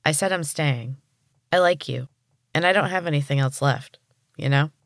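A woman voicing an easygoing young girl with new wings, speaking in a plain, relaxed way. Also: low-pitched, normal speed, dry recording, clean studio sound.

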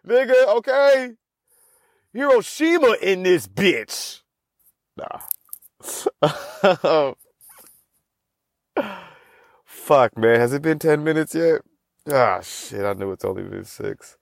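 A man's voice: a little high, animated, slow, creaky, pauses often, no echo, clean studio sound. Profane, rambling young man podcasting. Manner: profane, rambling, self-mocking. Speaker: podcast host. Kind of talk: casual solo podcast monologue.

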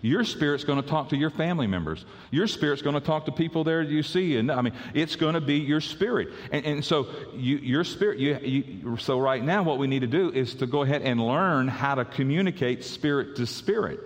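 Pastor, male, mid-pitched, chatty sermon with restarts, long hall reverb. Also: expressive, fairly quick, few pauses. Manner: conversational, repeats words as he restarts.

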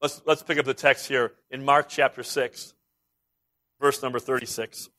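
A man preaching a sermon, emphatic, swinging between loud, urgent passages and hushed ones. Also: mid-range voice, steady tone, normal speed.

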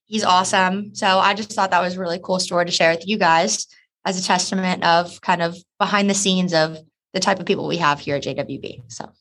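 Woman co-host, easygoing storyteller, mid-range voice. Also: medium pitch. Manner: relaxed, with frequent ums. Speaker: podcast co-host. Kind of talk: casual storytelling.

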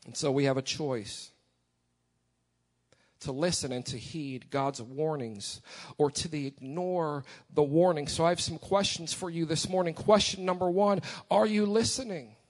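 A man's voice: on the high side, fairly even intonation, a little slow. A man in his forties preaching a sermon in church, asking the congregation questions and repeating lines for emphasis. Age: 40s. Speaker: pastor. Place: church sanctuary.

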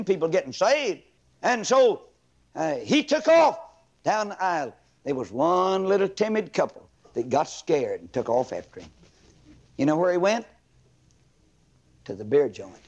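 A man preaching a revival sermon as an evangelist, telling stories with fiery emphasis. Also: sits high.

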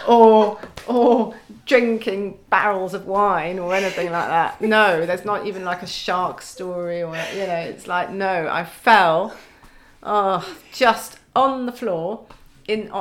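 A woman's voice: mid-range voice, slow, fairly bright tone, slight background noise. A woman in her forties chatting as a podcast guest, wry and self-mocking, often laughing as she talks. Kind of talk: casual chat.

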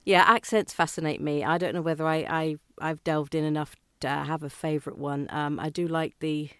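A podcast host interviewing a guest, speaking in a halting way with repeated words and many fillers. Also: medium pitch, fairly even intonation, a bit bright, smooth, no echo, clean studio sound. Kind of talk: interview questions and chat.

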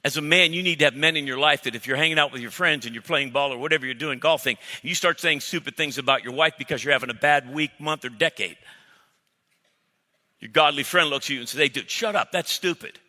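A middle-aged male pastor preaches with a very bright, cutting voice that rings through a reverberant church hall. His delivery is blunt and emphatic, punching out lines and firing off mock arguments. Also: mid-range voice, fast. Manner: emphatic, blunt preaching with sudden loud mock-dialogue bursts. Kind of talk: sermon.

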